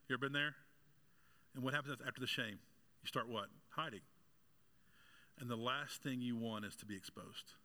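A man's voice: medium pitch, bright, forceful tone. A man preaching a sermon as pastor, asking his congregation questions and mixing in jokes as his delivery builds in intensity. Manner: joking aside with congregation members.

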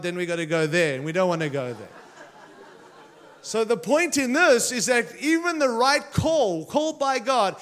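A man preaching a sermon to a congregation, retelling a story in an energetic, conversational way. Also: very high-pitched.

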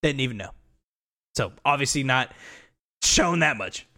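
A man's voice: mid-range voice, expressive, a little slow, sharp tone. A man in casual chat about a video game, talking loosely, swearing freely and acting out characters' lines. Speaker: podcast co-host.

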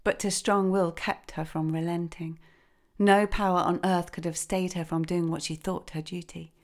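Gentle woman storyteller, lowish voice. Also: level tone, moderate pace. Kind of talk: storytelling narration.

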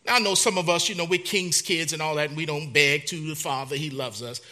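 A male pastor preaching a sermon, dramatic, dropping to a hush and then rising loud, in a church. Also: a little high, fairly quick.

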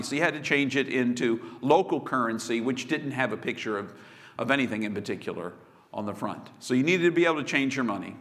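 A man preaching a sermon, telling the story with swings between loud bursts and hushed asides. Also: on the high side. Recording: long hall reverb.

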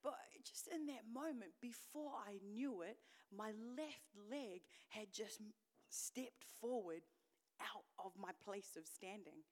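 A woman preacher giving a candid personal testimony, swinging between loud emphatic declarations and hushed, whispered lines. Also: mid-range voice, takes it slowly. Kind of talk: sermon.

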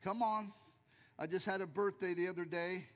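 An older male pastor preaching a sermon in a church with jokey, animated storytelling, acting out the voices of people in his stories. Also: sits high, moderate pace, long reverb tail.

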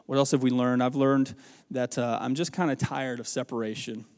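A man preaching a sermon in a folksy storytelling manner, rising to loud emphatic bursts. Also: mid-range voice, steady tone, normal speed, big-room sound. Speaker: pastor.

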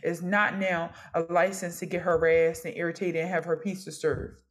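A woman's voice: fairly low pitch, little pitch movement, normal speed. A young adult woman co-hosting a casual gossip podcast, talking in a blunt, opinionated and slangy way. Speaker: podcast co-host.

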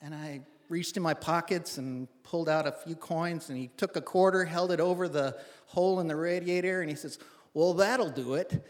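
A man's voice: fairly high pitch, fairly even intonation, fairly quick, few pauses, long reverb tail. A man telling a personal story to an audience in a wry, conversational, self-deprecating way.

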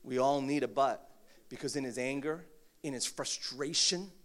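A man preaching a sermon with humor, swinging from quiet asides to shouted, dramatic prayers. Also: mid-range voice, moderate pace.

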